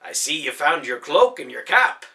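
A man's voice: a little high, very animated, moderate pace, pushed and bright, heavily acted. A man voicing a small, loyal elf-like man who speaks in a formal, old-fashioned way. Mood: friendly.

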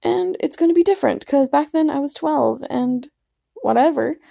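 A woman's voice: sits high, lively intonation, normal speed, creaky, mellow, no echo. A woman in her twenties casually telling rambling, self-deprecating stories to camera, with plenty of fillers. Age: 20s. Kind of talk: casual vlog storytelling.

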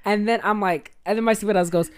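A woman's voice: mid-range voice, steady tone, fast talker, smooth, no echo. A young woman, co-hosting a casual chat and telling a swear-filled story while acting out the quotes. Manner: profane, storytelling, acts out quotes. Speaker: podcast co-host.

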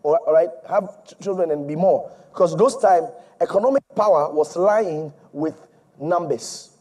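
A male preacher delivering an emphatic, repetitive sermon that swings between loud and soft. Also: fairly high pitch, moderate pace.

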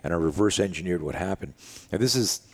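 An older man with an extremely deep, husky voice recounts a story from his years as a self-defense instructor. He talks casually and with energy, acting out what people said. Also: fast. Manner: animated, acts out quoted dialogue, casual with frequent "dude" and "like". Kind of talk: storytelling in an interview.

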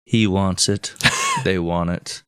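A man's voice: deep voice, wildly swooping pitch, slow pace, fairly bright tone, clear, resonant tone, no room sound. A man co-hosting a comedy podcast, tossing in crude jokes and quips. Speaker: podcast co-host. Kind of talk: casual comedic banter.

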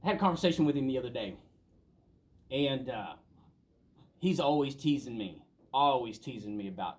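A man's voice: mid-range voice, expressive, normal speed, pauses often, a little mellow. A man preaching a sermon as a pastor, talking conversationally and telling stories, building to emphatic peaks.

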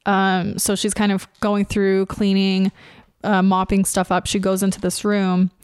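A woman's voice: medium pitch, monotone, a little slow, smooth, dry recording, studio quality. A woman guest on a book podcast, chatting casually and teasing her co-host with frequent laughter. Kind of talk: casual book-review chat.

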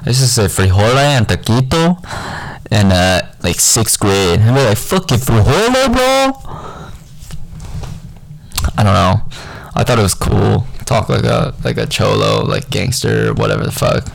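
A man's voice: lowish voice, very animated, normal speed, gravelly, dry recording, low-quality recording. A young man talking in a rambling, profane, unfiltered casual monologue.

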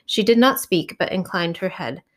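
A woman narrating a novel in the first person, reading in a measured, expressive way. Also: on the low side. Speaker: audiobook narrator.

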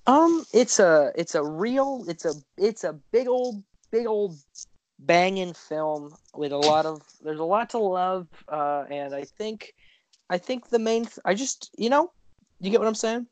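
A man's voice: high voice, expressive, unhurried. A young man co-hosting a podcast, joking in slang and often stumbling mid-sentence. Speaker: podcast co-host. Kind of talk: casual chat.

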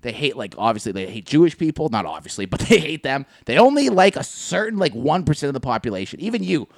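A man's voice: medium pitch, very animated, fast, no room sound, studio quality. A young man co-hosting a podcast, talking in crude, rambling banter with frequent laughs. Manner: profane, rambling, laughs often, mocking voices. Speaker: podcast co-host.

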